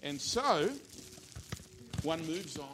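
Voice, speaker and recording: A man's voice: on the high side, expressive, extremely slow, background noise. A male pastor preaching a sermon in a church, informal and playful, acting out little scenes as he teaches. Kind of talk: sermon with a live demonstration.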